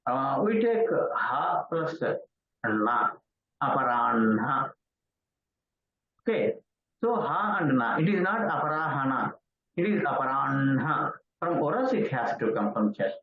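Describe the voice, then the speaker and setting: An older Indian man lectures slowly, pausing often and filling gaps with "uh". His pitch jumps around a lot, and the recording sounds roomy and dull. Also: very animated. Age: 60s. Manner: halting, with frequent pauses and fillers. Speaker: Sanskrit professor.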